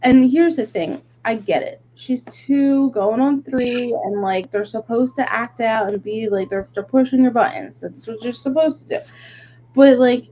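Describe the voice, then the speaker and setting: A young woman co-hosting a podcast, telling a story in an animated, venting way with lots of "like"s. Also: on the high side, unhurried, a little hiss or hum, rough recording. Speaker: podcast co-host. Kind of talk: casual chat.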